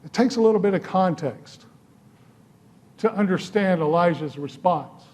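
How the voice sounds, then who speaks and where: Higher-voiced pastor telling a story. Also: male voice, lively intonation, darkish tone. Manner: storytelling, dry humor, measured pauses. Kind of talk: sermon with personal story. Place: church sanctuary.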